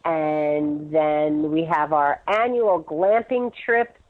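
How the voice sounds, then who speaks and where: A woman's voice: deep voice, steady tone, takes it slowly. A middle-aged woman entrepreneur chatting as an interview guest, telling stories animatedly and laughing often. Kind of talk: casual interview chat. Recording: tinny phone line.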